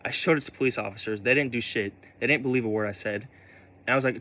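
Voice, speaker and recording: A young man speaks at a middle pitch, neither high nor low, as he retells something painful from his own life. His speech is halting and full of false starts and repeated words, with the odd swear slipping out. He sounds shaken and upset as he talks straight to his viewers. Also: bright, forceful tone. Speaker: vlogger. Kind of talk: casual personal storytelling.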